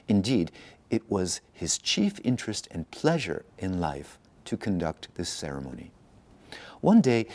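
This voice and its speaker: A man reading a fairy tale aloud, with expressive storytelling narration. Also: deep voice. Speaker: institute director reading aloud. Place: institute in Tokyo.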